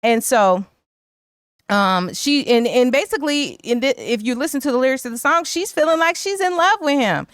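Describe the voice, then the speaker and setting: A woman's voice: high-pitched, moderate pace, smooth, dry recording, clean studio sound. A woman co-hosting a casual movie recap, chatty and slangy, acting out the characters' lines as she retells the plot. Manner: animated, acts out characters' lines in quotes. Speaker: co-host.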